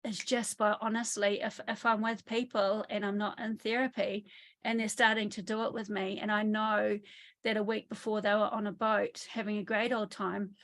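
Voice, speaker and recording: A woman working as a trauma therapist, speaking in an online interview from her country home over a video call, telling lively stories and acting out what people said. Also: medium pitch, normal speed. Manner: lively storytelling, often acts out quotes.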